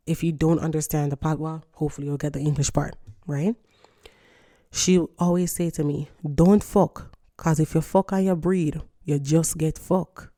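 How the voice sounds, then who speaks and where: A woman's voice: sits low, dark tone, dry recording, studio quality. A woman in her thirties ranting to camera in a casual vlog, blunt and emphatic, with frequent swearing. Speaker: vlogger. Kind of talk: casual morning rant to camera.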